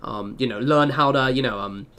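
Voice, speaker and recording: A man's voice: mid-range voice, moderate pace, a bit bright. A man streaming a game, chatting in a rambling, casual way with many fillers. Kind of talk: casual chat while gaming.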